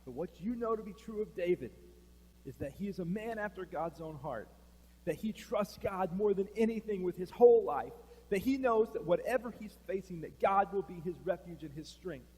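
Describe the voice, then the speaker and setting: Pastor preaching in a reverberant hall. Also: male voice, high voice, animated, moderate pace, dark tone, husky. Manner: storytelling, acts out quoted lines; conversational, asks the room questions. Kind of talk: sermon. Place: church sanctuary. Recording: reverberant hall, faint hum.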